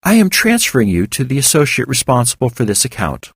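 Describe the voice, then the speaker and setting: A man's voice: medium pitch, huge pitch swings, fairly quick, breathy edge, no echo, studio quality, pitched above the performer's own voice, full character voice. A man voicing a chipper automated phone switchboard with cheerful, scripted politeness in a fiction reading. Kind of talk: audiobook character voice.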